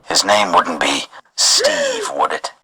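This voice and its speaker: A man voicing a menacing male killer on the phone, taunting in a low rasping whisper. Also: huge pitch swings, slow pace, pushed and bright, exaggerated voice.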